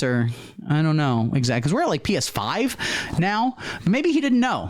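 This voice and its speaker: A man hosting a satirical comedy show, commenting on the material in a deadpan, mock-earnest way with feigned naivety. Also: on the high side. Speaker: comedy host.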